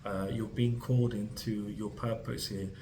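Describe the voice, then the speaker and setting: Tarot reader, male, low monotone voice, rambling delivery full of "like" and "you know", reassuring. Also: normal speed, low-quality recording. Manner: rambling, full of fillers and restarts; reassuring, speaks directly to the listener. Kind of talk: tarot reading to camera.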